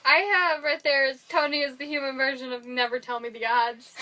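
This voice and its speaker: A woman's voice: sits high, moderate pace, sharp tone, poor audio. A young woman co-hosting a casual podcast, animatedly retelling movie scenes with frequent laughs. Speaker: podcast co-host. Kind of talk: casual chat.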